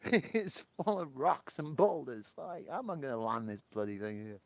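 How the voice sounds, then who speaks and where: A man from Britain, hosting a casual livestream chat, laughing often and swearing in excitable outbursts. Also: mid-range voice, moderate pace, gravelly, dry recording. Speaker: livestream host. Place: porch, outdoors.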